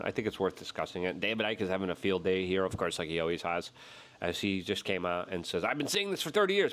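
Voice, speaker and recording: A man hosting a political commentary show, talking in an exasperated, sarcastic way and mocking others with sudden high-pitched voices. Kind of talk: animated solo commentary.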